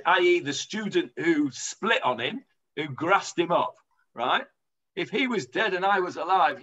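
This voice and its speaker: A man's voice: high voice, sharp tone, highs cut off. A man with an English accent teaching an informal Talmud class, chatty and full of hesitations. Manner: chatty explaining, lots of hesitations.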